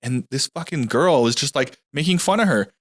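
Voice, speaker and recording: A man's voice: medium pitch, expressive, fairly quick, no room sound, studio quality. A man in a casual podcast conversation, telling a personal story in an earnest, rambling way full of restarts.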